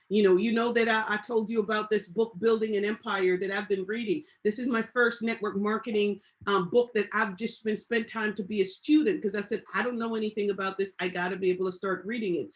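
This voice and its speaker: A woman leads a motivational coaching session for a group on a call. Her voice sits mid-pitch and she talks in a preacherly way. She repeats key phrases and swings up loud and high for emphasis. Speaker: business coach.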